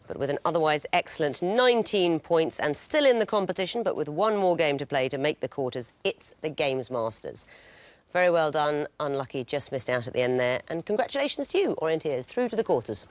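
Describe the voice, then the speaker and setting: A woman hosting a quiz show, crisp and wry, announcing clues and scores with dry jokes. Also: sits low, dry recording. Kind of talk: quizmaster patter with dry jokes.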